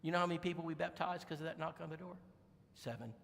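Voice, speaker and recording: A man preaching, telling folksy stories in an animated, emphatic way to a congregation in a church. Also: fairly high pitch, fast, creaky, in a large hall. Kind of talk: sermon storytelling. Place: church sanctuary.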